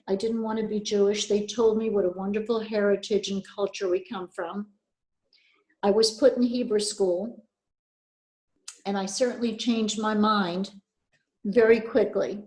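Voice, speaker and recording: A woman's voice: on the high side, darkish tone. Older woman giving earnest testimony. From Poland. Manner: earnest, emphatic, repeats key phrases. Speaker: Holocaust survivor speaker. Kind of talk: personal testimony talk. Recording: echoey room.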